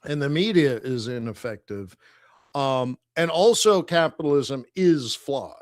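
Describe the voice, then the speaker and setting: Chuckling often, a man hosts a live forex trading stream with casual, rambling, conversational commentary. His medium-pitched voice is animated but a little slow, captured in clean studio sound without echo.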